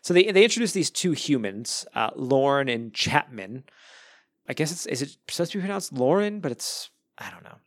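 A man co-hosts a casual book podcast, chatting in a rambling way full of fillers, frequent "like"s and restarts, with the occasional laugh. His medium-pitched voice swings widely in pitch at a normal speed, and the recording has no echo.

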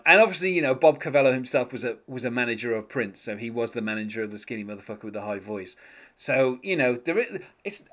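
A man's voice: medium pitch, fairly bright tone. A man chatting casually as a podcast host, rambling with many fillers and frequent chuckles. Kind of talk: casual music discussion.

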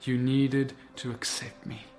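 A man voicing a calm, solemn Jesus figure who asks slow, measured questions in a vision story. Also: medium pitch, soft background music, lightly acted.

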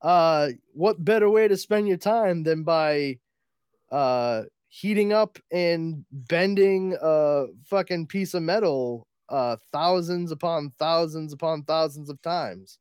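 A man co-hosts a podcast in loose casual chat, rambling, profane and quick to riff. His voice sits a bit high, and the sound is dry and close. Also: a little mellow, smooth, no room sound. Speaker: podcast co-host.

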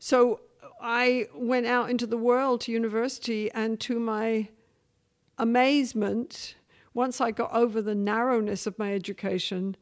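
Brief: middle-aged English woman, slightly high voice, animated storyteller. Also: measured pace. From England. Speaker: guest. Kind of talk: casual interview chat.

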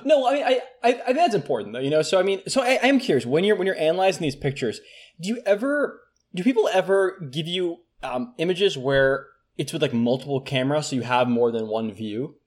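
A man's voice: fairly high pitch, sing-song, fairly quick. A man playing along in a comic chat, mock-serious and earnest, with many "like"s and restarts. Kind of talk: deadpan comedic chat.

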